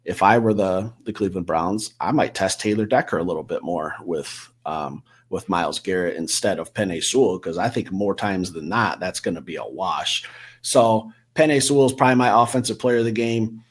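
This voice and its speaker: A man's voice: low-pitched, normal speed, breathy edge. A man co-hosting a casual sports podcast, rambling through football predictions with a few self-corrections. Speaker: co-host.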